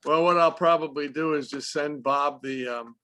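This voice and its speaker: A man, a dance teacher, chatting casually on a video call, speaking haltingly with many restarts. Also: fairly high pitch, bright, forceful tone, low-quality recording.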